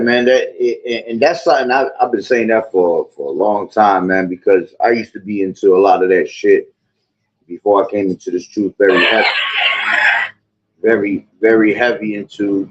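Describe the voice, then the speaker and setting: A man's voice: on the low side, muffled recording. A man hosting religious commentary, talking in a rambling way with many fillers like "you know" and "all right". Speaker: host of a religious talk channel. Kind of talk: preaching commentary.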